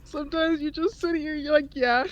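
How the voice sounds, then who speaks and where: A woman's voice: fairly high pitch, expressive, normal speed, lo-fi sound, a little hiss or hum. A woman chatting casually who laughs often and trails off while searching for words. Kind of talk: casual group chat.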